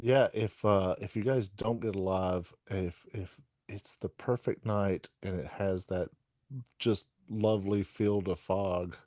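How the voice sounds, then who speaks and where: A man's voice: low voice, fairly even intonation, slow pace, darkish tone, no room sound. A man co-hosting a podcast, telling rambling jokey stories and laughing often. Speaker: podcast co-host. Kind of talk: joking casual chat.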